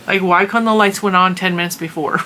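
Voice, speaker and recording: A middle-aged woman hosting her crafting channel, telling a story casually with animated exasperation. Her voice has a bright edge. Faint noise hums behind her. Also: on the low side, a little fast. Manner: animated, exasperated retelling with laughs.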